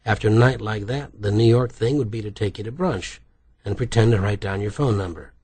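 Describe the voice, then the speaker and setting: A man's voice: fairly low pitch, fairly quick, darkish tone, breathy edge. Man reading a wry, joking man. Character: witty, playful male writer, lover. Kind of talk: audiobook character voice.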